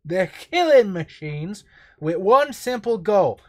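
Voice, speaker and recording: A man voicing a gruff male monster hunter in a shaky, put-on Cockney accent that slips toward Southern American. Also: sits high, big pitch swings, slow pace, a little mellow, pitched above the performer's own voice, heavily acted. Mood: boastful. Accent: attempted Cockney.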